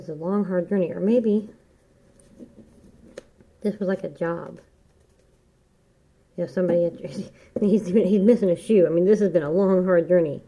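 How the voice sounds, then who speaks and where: Dark-voiced woman reading tarot. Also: lowish voice, lo-fi sound. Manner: chatty, rambling, laughs often. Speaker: tarot reader.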